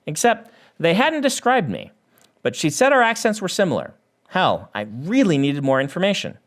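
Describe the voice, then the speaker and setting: Male author reading his own novel aloud, a little high, with a lively, animated delivery. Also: normal speed. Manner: animated reading that lifts the voice for dialogue.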